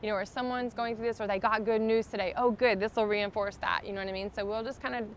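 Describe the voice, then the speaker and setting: A woman's voice: medium pitch, fairly even intonation, quick pace, a little hiss or hum. Heartfelt woman telling her story. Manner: earnest, heartfelt storytelling with many fillers. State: undergoing chemotherapy. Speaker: podcast guest. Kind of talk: casual interview storytelling.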